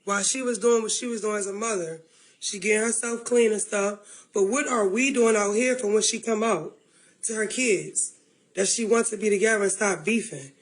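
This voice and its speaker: A woman's voice: mid-range voice, moderate pace, rough recording. A woman talking on a livestream, close to tears, pleading and repeating herself. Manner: pleading, repetitive. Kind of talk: emotional livestream talk.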